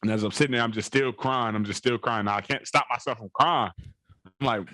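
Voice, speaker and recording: A man's voice: medium pitch, fairly quick, pushed and bright, no room sound. A young adult man, a college football player, telling a long rambling story in an interview, repeating phrases and leaning on fillers.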